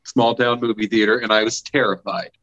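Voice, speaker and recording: A man who is a guest on a comedy podcast, reminiscing in a relaxed, chuckling way. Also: mid-range voice, dull audio. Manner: reminiscing, chuckling, slightly halting. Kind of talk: casual storytelling chat. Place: office.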